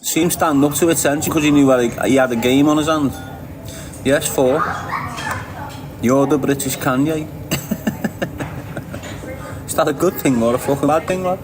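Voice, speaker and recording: Against a noisy background, a Liverpool livestream host reads viewer comments at a measured pace, leaving long pauses. His voice is a little high, and his chat is casual and blunt, with frequent swearing and laughter.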